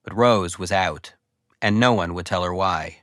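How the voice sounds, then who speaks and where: A man hosting a podcast and narrating the story in a wry, deadpan way. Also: low-pitched, unhurried, no echo, studio quality. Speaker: podcast host. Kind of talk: scripted narration.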